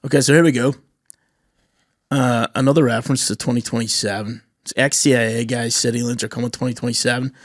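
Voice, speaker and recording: Welsh lad co-host, crude banter, dry close sound; casual podcast chat. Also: male voice, mid-range voice, fairly even intonation, a little fast, no echo. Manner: crude, joking, swears a lot.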